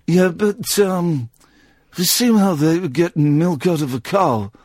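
A man's voice: a little high, unhurried, a little mellow, no room sound, clean studio sound. A middle-aged man hosting a late-night radio phone-in, jokey and rambling with mock indignation. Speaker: radio host. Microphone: studio mic.

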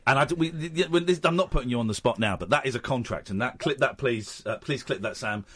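A man's voice: mid-range voice, fast, a bit bright, breathy edge. A man with a British accent hosting a late-night radio talk show, joking and rambling with a guest. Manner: joking, rambling, self-mocking. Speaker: radio host. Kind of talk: casual radio chat.

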